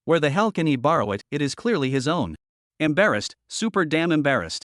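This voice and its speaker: A man narrating a comic recap in a flat, hurried storytelling manner on a close mic. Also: a little high, dry recording.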